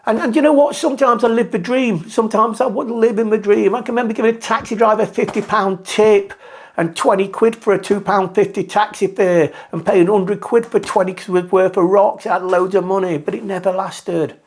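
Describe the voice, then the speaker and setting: A man's voice: high voice, steady tone. Candid British man recalling hard years. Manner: candid, reflective, halting with restarts. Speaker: guest telling his recovery story. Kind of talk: personal testimony.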